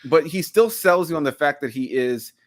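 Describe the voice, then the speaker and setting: A man's voice: fairly high pitch, normal speed, dry recording. A man in his thirties from Miami, a guest reviewing a film in casual chat, rambling with lots of "like" and "you know". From Miami, United States.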